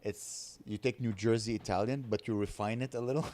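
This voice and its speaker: A man hosting a podcast, chatting casually and eagerly, quick to laugh. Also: fairly low pitch, warm tone, dry recording. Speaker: podcast host.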